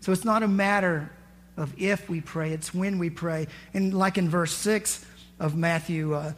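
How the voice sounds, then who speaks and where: A man's voice: high voice, steady tone, a little slow. A man preaching a sermon in a conversational way, acting out scripture and quotes with rising emphasis. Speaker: pastor.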